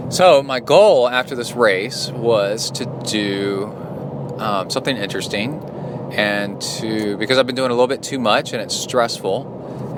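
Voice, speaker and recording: Lower-pitched middle-aged man rambling. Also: background noise. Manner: rambling, with many fillers and restarts. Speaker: podcast host and triathlon coach. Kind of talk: casual solo podcast recap.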